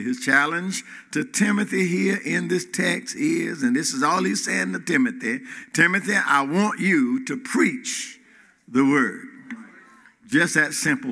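A man preaching a sermon in a church, swinging between loud rises and quiet drops and calling out to the congregation. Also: fairly high pitch, vocal fry. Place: church hall. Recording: reverberant hall.

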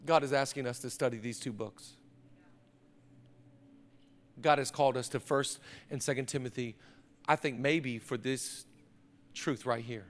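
A man's voice: medium pitch, steady tone, measured pace, pauses often. A male pastor preaching a sermon in a conversational, emphatic way, with repeated phrases, recorded in a large church auditorium. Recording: long reverb of a big hall.

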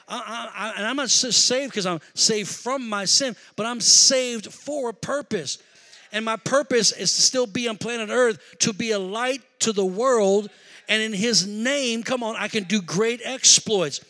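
High, bright-voiced fervent preacher man. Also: moderate pace. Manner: storytelling that builds to loud, fervent preaching. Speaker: pastor. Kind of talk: sermon.

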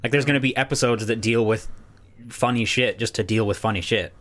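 A man's voice: mid-range voice, fairly even intonation, a little fast, fairly bright tone. A young man co-hosting a podcast, rambling through casual chat with lots of filler and free swearing. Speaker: podcast co-host.

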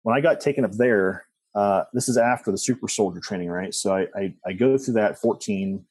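A man's voice: fairly low pitch, fairly quick, darkish tone, husky, dry recording. A middle-aged man telling personal stories as a guest, rambling with restarts and asides. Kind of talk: personal storytelling in conversation.

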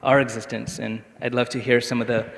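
A man in the audience earnestly asking the speaker a question, slightly halting as he finds his words. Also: medium pitch, flat delivery, gravelly, slight background noise. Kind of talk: question from the floor. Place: lecture hall. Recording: reverberant hall.

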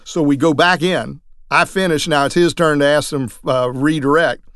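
A man, a trial lawyer, telling courtroom stories in a lively way, acting out what others said. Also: a little high, moderate pace, dry recording, studio quality. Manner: lively, acts out quoted voices. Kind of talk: anecdotal storytelling talk.

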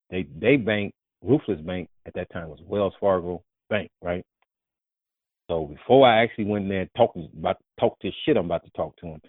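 A man casually telling a long, profane, rambling story as a guest, often breaking into animated quoted voices. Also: dry recording. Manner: profane, rambling, jumps into high animated voices when quoting others. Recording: dry, tinny phone-like audio.

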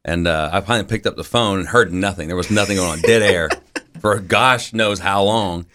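Laid-back low-voiced country singer. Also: male voice, normal speed, a bit bright. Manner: laid-back storytelling, laughs often, many fillers. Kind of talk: radio interview.

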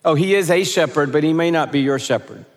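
A man preaching a conference sermon, playful and animated, rising and dropping his voice for emphasis. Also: fairly high pitch, fast talker. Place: large conference hall stage. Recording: long hall reverb.

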